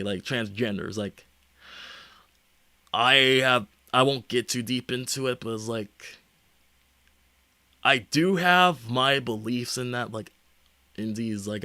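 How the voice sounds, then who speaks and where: A young man streaming, talking casually in a rambling, halting way full of fillers and restarts. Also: fairly low pitch, bright, forceful tone, no echo. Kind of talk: casual livestream chat.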